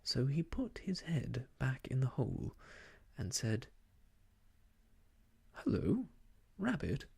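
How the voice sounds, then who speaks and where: A storyteller reading an old children's book aloud in whispered role-play, slow and soft. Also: medium pitch, expressive, gravelly, breathy edge.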